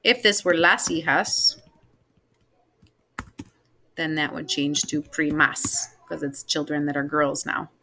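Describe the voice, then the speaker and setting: A woman's voice: low-pitched, slow, vocal fry, pauses often, bright, forceful tone, slight background noise. A woman teaching a recorded Spanish class, patiently explaining family words step by step with frequent ums.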